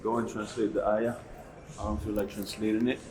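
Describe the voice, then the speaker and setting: A man chatting in a vlog with a tired, unhurried, frank manner. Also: on the low side, flat delivery. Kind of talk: casual vlog chat. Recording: distant, roomy and noisy phone-camera audio.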